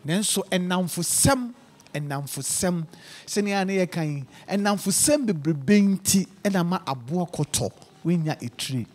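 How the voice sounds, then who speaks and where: A man's voice: sits high, animated, takes it slowly, a little mellow. A man with a Ghanaian accent hosting an interview, giving advice and moral lessons before questioning his guest. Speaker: talk show host.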